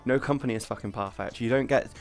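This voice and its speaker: A livestreamer chats casually at a middling pitch, quick to swear and often tripping over and restarting sentences. Faint music plays underneath. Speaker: streamer.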